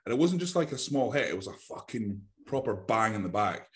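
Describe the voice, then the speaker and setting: A man's voice: fairly low pitch, sing-song, brisk. A Glaswegian man co-hosting a podcast, telling a long, sweary story in casual chat and acting out the other people's lines. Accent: Glaswegian Scottish. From Glasgow, Scotland. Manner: sweary, rambling storyteller who acts out the other people in his stories. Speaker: podcast co-host.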